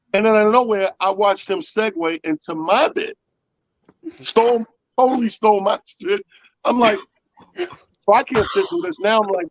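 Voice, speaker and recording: In casual conversation, a man tells a funny story with animation, performing the voices of the people in it. His voice is high-pitched, and the audio is dull with no echo.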